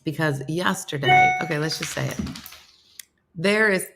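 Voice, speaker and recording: In a laid-back live-stream morning show, a middle-aged American woman reads viewer comments aloud, greets people by name, and jokes at her own expense. She speaks in a low, slightly bright voice without hurrying, over soft background music.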